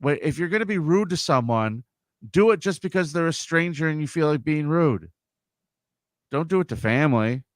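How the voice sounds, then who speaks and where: Lively, joking male podcast co-host. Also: on the high side, normal speed, no echo, studio quality. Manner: jokey, riffs into funny voices. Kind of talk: casual chat.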